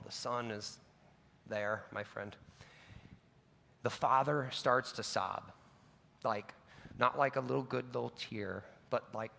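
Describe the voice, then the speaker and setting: A man's voice: medium pitch, creaky, sharp tone. A man preaching a sermon in an earnest, personal storytelling way, with casual asides and self-corrections. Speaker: pastor. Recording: long reverb of a large hall.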